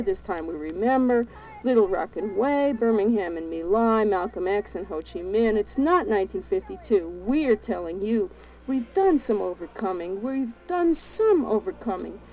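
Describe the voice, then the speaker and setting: A woman's voice: mid-range voice, warm tone, dull audio. A woman performing spoken-word poetry, declaiming in a rhythmic, chanting cadence through long lists. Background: music.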